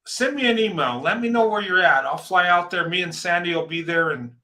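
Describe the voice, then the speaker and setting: A man's voice: high-pitched, fairly quick, bright, forceful tone. A man hosting a casual conversation, earnest and encouraging, often repeating himself. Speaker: host.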